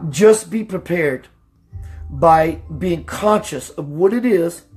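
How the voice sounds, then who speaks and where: A man hosting a spiritual talk radio show, preaching emphatically, slowing down for emphasis and greeting listeners by name. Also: expressive, soft background music. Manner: slows down for emphasis, voice dips low and quiet.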